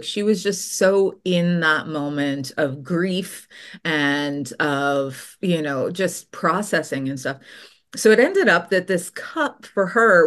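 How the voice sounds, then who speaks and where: A woman from Canada, a potter, telling stories in a casual interview and acting out the voices of people she quotes. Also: fairly low pitch. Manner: animated storyteller, acts out quoted voices.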